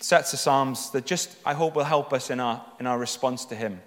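A man preaching a sermon, reading psalms aloud and speaking emphatically, lifting his voice with passion at the high points. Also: normal speed, fairly bright tone. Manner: emphatic, rising with passion when voicing the psalmist. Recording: long hall reverb.

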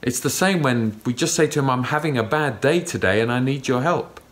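A man preaching a sermon, telling a story calmly with gentle emphasis. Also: medium pitch, a little fast.

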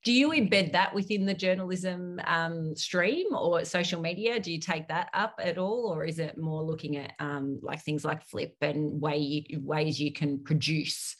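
A woman's voice: sits low, measured pace, hardly any pauses. A woman interviewing a guest, asking long questions and giving encouraging affirmations. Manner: encouraging, lots of short affirmations. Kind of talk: conversational interview.

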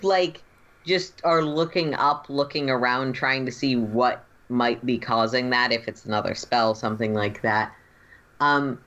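Slow, low-pitched female game master, lively pitch, lo-fi recording. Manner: unhurried descriptive narration with fillers. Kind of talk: narrating a tabletop game. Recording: dull lo-fi audio.

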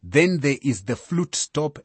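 A man delivers a sermon at an unhurried pace, his slightly husky voice climbing and dropping for emphasis. The sound is dry and close, with no room around it. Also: fairly high pitch, sing-song, no room sound. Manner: measured, emphatic preaching with rising and falling emphasis. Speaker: preacher.

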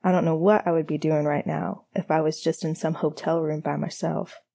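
A soft-spoken, homesick young man, as a woman reader puts him on, low-pitched and mellow with a husky grain. He keeps his voice subdued, with a dry, wry edge. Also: flat delivery, normal speed. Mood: wistful. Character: quiet, homesick young male athlete. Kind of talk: audiobook character voice.

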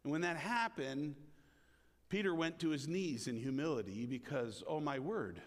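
A man's voice: expressive, normal speed. A man preaching a sermon in a church, talking conversationally to the congregation and acting out the quotes he tells. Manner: conversational, frequent "right?" asks to the congregation; acts out quoted speech with big pitch swings. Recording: long reverb of a large hall.

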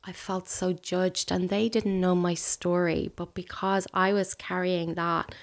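A woman, a guest talking intimately and hesitantly in a soft, often breathy, near-whispered voice. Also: on the low side, level tone, measured pace. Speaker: guest sharing a personal story. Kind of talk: intimate conversation.

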